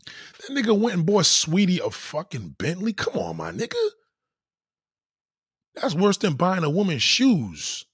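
Husky-voiced man ranting bluntly. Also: high-pitched, wildly swooping pitch, unhurried, long pauses, dry recording, studio quality. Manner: blunt, profane, emphatic; acts out quoted people in varied voices. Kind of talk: casual opinion rant.

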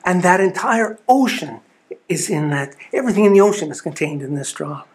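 A man's voice: high voice, animated, fairly quick. Earnest man giving a sermon. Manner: earnest storytelling with small restarts. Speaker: speaker at a spiritual living center service.

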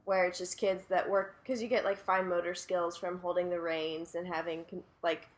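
A young woman talking as a student guest in a relaxed chat. Her voice sits a little low. She speaks with eager enthusiasm, often stopping to hunt for the right word. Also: moderate pace. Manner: chatty, searching for words. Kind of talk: casual chat.

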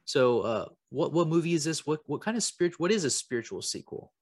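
A young man co-hosting a comedy podcast, spinning absurd claims with a mock-serious, deadpan delivery. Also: fairly high pitch, a little fast, slightly rough, dry recording, clean studio sound. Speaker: podcast co-host. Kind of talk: improvised comedy podcast chat.

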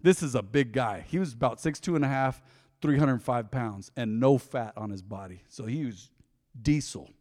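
A man's voice: mid-range voice, moderate pace. Man preaching in a hall. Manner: conversational storytelling, swings between loud emphasis and soft asides. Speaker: pastor. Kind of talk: sermon with a personal story. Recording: long reverb of a large hall.

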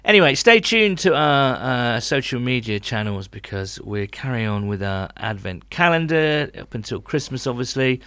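A man's voice: mid-range voice, big pitch swings, moderate pace, few pauses, a bit bright, clear, resonant tone, no room sound. A man co-hosting a podcast, chatting and teasing his co-host in casual banter.

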